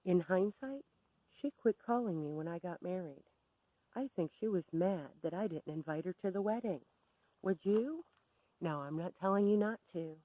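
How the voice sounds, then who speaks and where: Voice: mid-range voice, expressive, normal speed, warm tone, no room sound, rough recording. Blunt, wry storyteller, dry sound. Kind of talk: personal storytime.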